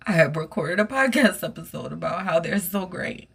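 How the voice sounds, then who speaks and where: A woman hosting a podcast, recounting a personal experience in an earnest, emotional monologue with a soft voice. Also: on the low side, moderate pace, vocal fry, hardly any pauses, breathy edge. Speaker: podcast host.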